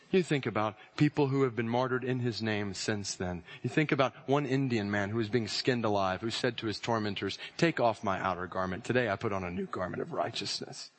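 A man preaching a sermon, telling stories and citing scripture, slowing and rising to intense emphasis on key phrases. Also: on the low side, a bit bright. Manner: illustrates with stories and scripture references.

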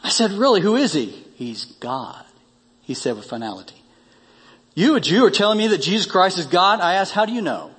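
A man's voice: high-pitched, sing-song, fast, fairly bright tone, husky, long reverb tail. A male pastor delivering a sermon, reading a story aloud and rising in emphasis on key lines.

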